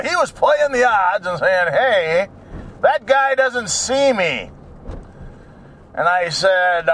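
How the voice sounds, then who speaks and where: A man's voice: sits high, a bit bright, slight background noise. A man rambling and singing made-up song lines to himself while driving, in a goofy, self-mocking way. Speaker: vlogger. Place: inside a car.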